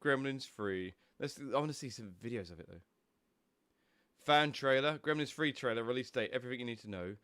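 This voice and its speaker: A man's voice: medium pitch, fairly quick, fairly bright tone, clear, resonant tone. A young man with a stuffy, snotty nose from a cold, chatting casually and rambling on a live stream, swearing now and then.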